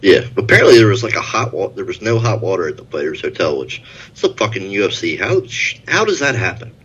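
A man's voice: deep voice, big pitch swings, a little fast, a bit bright, husky, lo-fi sound. A man co-hosting a casual sports podcast, rambling and hedging his points. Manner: rambling, hedging, many "like" and "I feel like". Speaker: podcast co-host.

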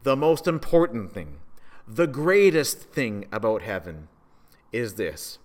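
A man preaching a sermon. He rises to loud, emphatic peaks and drops to hushed, slow phrases. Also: medium pitch. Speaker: pastor.

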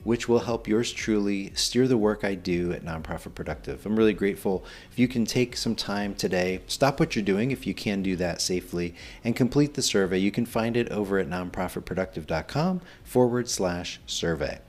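Middle-aged male podcast host, slightly low voice, earnest encouraging delivery. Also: moderate pace, few pauses, a little mellow. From Pennsylvania. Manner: earnest, encouraging, rhetorical questions. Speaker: podcast host, nonprofit executive director. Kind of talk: solo podcast monologue.

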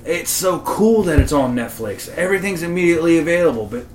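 A man's voice: fairly high pitch, lively intonation, fast, roomy sound, a little hiss or hum, rough recording. A man co-hosting a podcast in casual, profane chat, rambling with fillers and sometimes breaking into mock rants. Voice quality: profane, mock-ranting bursts. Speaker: podcast co-host.

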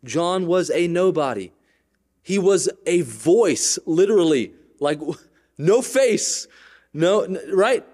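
Male pastor, sermon, animated, rising and falling voice, casual asides to the congregation. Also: sits high, takes it slowly. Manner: animated preaching with wide swings between loud and quiet.

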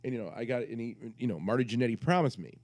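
A man's voice: medium pitch, animated, very fast, a little mellow. A man on a podcast, telling a rambling, crude story in casual chat and interrupting himself as he goes. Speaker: podcast co-host.

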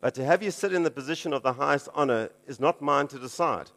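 A man's voice: mid-range voice, fast, fairly bright tone, lightly acted. A man voicing Jesus as a blunt, plain-spoken teacher chiding his followers, in a sermon retelling. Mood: firm.

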